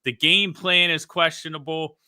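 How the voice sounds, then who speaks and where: A man co-hosting a casual sports podcast, talking in an animated way and mocking the coach he quotes. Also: a little high, normal speed, no echo. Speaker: podcast co-host.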